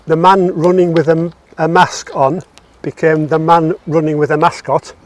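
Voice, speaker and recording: A man's voice: fairly high pitch, little pitch movement, moderate pace. A man chatting outdoors on a walk, joking playfully. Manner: jokey, playful, laughs at his own jokes. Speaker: co-host of a walking podcast. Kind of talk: casual chat. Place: outdoors among palm trees.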